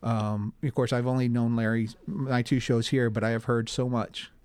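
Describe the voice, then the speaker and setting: A man in community theater talks through his story in a relaxed, thoughtful way. His voice sits at a middle pitch, and the recording is dry and close. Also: moderate pace, clean tone, dry recording. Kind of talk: casual interview.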